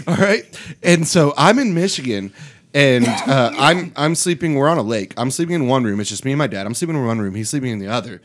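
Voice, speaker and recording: A man's voice: medium pitch, a little fast. A man hosting a casual podcast chat, telling stories and acting out the people in them. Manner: animated storyteller, acts out quotes.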